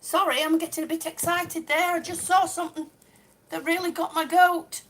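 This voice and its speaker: A woman's voice: very high-pitched, little pitch movement, moderate pace, fairly bright tone. A woman live-streaming a complaint about damaged tiles at home, exasperated and sarcastic, swearing now and then. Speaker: vlogger. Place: home, indoors.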